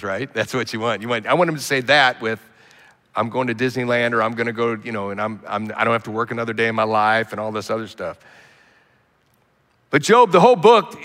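A man preaching a sermon as a pastor, telling stories with animated emphasis and quiet asides. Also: medium pitch. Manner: animated storytelling, swinging between loud emphasis and quiet asides. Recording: long hall reverb.

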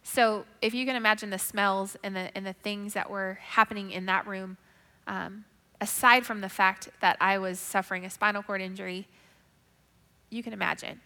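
Woman, bright and forceful tone, emotive testimony storyteller, long hall reverb. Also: mid-range voice, steady tone, normal speed. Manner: emotive storytelling, drops to a hushed whisper then rises loud. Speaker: speaker giving a faith testimony. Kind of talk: personal testimony.

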